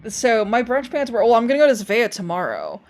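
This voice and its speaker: A woman guest on a podcast, telling animated stories in casual chat and filling her talk with "like". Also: fairly high pitch, fairly quick. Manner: animated storytelling, lots of "like".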